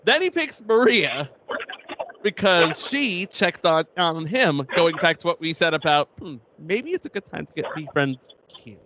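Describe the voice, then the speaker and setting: A man's voice: fairly high pitch, unhurried, highs cut off, background noise. A man co-hosting a podcast, chiming in with comments during a casual TV recap. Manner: expressive, chiming in. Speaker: podcast co-host.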